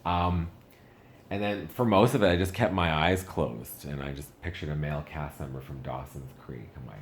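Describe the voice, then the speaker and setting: Very deep-voiced man doing stand-up. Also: moderate pace, slight background noise. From Canada. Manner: chatty and self-mocking, voice jumps up for punchlines. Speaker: stand-up comedian. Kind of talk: stand-up comedy set.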